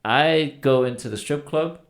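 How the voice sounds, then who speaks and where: A man of middling pitch co-hosts a casual podcast. He jokes, laughs often and slips into voices for the people in his stories. His voice sounds dry and close to the mic. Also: a little slow, smooth, dry recording. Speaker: podcast co-host. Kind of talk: casual chat.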